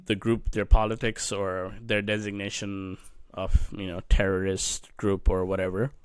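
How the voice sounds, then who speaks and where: A man co-hosting a casual political discussion podcast, halting and searching for words as he talks. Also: sits low, little pitch movement, clean tone, dry recording, studio quality. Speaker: podcast co-host.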